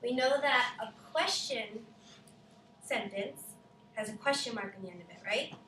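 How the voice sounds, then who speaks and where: A woman teaching a class of children, speaking slowly and emphatically and often checking in with "right?". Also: a little high, noisy background. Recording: echoey classroom from far off.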